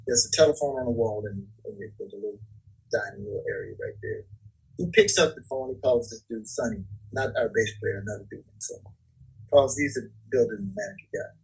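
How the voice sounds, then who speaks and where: A man, a guest musician, telling a story in casual, slangy speech, animated and full of repeats. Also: fairly low pitch, a little fast, gravelly, breathy edge, rough recording.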